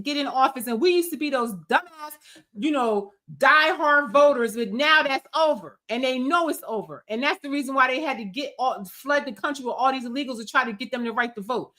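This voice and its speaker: Bright, high-voiced angry woman ranting. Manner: angry, scolding, emphatic rants. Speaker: commentary streamer. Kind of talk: heated political commentary.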